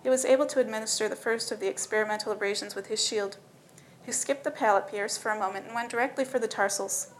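A woman narrating a story in a steady, matter-of-fact reading voice. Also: on the high side, fast, slight background noise, poor audio.

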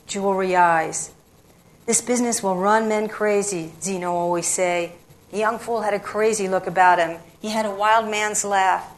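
A woman narrating a novel aloud, with measured storytelling and a dialect-flavored text. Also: mid-range voice, rough recording. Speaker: audiobook narrator.

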